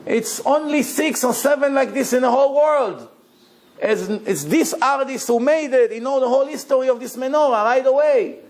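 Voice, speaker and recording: Guy doing an excited antiques expert, high voice, pushy. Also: normal speed. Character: eager male antiques expert offering to buy.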